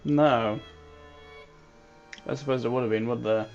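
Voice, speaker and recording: A man's voice: medium pitch, fairly even intonation, unhurried, pauses often, dull audio, faint music behind. A man playing a story game, musing aloud and reading his lines with joking asides. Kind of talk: casual game commentary.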